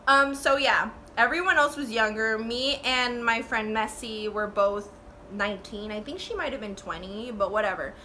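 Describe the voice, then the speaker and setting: A woman in her twenties telling a storytime vlog in a casual, animated way, swearing and saying "like" a lot. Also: on the high side, moderate pace, a little hiss or hum. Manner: animated, swearing, full of "like" fillers.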